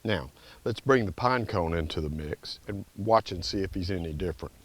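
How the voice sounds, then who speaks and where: A man's voice: low voice, expressive, normal speed, slightly rough. A middle-aged man, a dog trainer, explains in a casual, conversational way in his home kitchen, breaking off to give short, firm commands to a dog. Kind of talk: casual instructional vlog.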